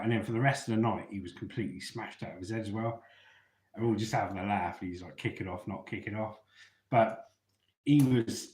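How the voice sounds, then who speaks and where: A man's voice: fairly low pitch, darkish tone, reverberant. A man who once served in the army, chatting casually on a live stream and often calling his listeners mate. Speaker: ex-soldier live-stream host. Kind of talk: casual live-chat storytelling.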